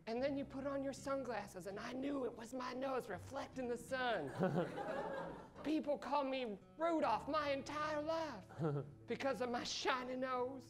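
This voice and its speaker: A woman improvising a lovestruck man who reads his rambling love letter aloud on a live comedy stage. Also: sits high. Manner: rambling, earnest, breaks into laughter. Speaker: improv performer. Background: live music underscore.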